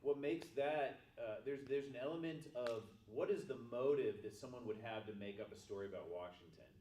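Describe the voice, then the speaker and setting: A man's voice: medium pitch, fairly quick, warm tone, a little hiss or hum. A man joining a lecture discussion, speaking thoughtfully and with some hesitation. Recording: echoey room from far off.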